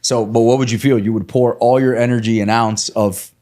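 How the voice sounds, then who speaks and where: A man co-hosting a candid, unscripted podcast, talking bluntly and swearing freely, and getting louder and higher when he gets worked up. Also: steady tone, brisk. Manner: blunt and emphatic, grows loud and high when worked up. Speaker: podcast co-host.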